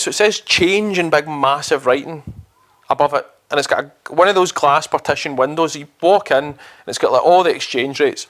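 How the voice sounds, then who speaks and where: A man's voice: a little high, normal speed, a bit bright. A young Scottish man with a Scottish accent, co-hosting a podcast and rambling through a travel story with casual swearing. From Scotland. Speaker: podcast co-host.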